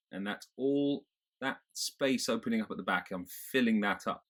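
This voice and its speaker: A man's voice: fairly low pitch, normal speed, pushed and bright. A man with a British accent, a speech coach explaining in a video tutorial how sounds feel in the mouth, thoughtful and descriptive. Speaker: accent and public speaking coach.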